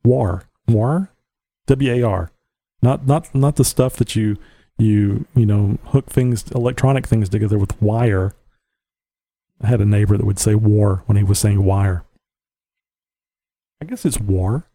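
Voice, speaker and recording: A man's voice: lowish voice, a little slow, pauses often, warm tone, no room sound. A man with a Southern US accent hosting his own podcast, rambling on in a blunt, opinionated way and chuckling to himself. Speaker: podcast host. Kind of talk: casual rambling monologue. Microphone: home podcast mic.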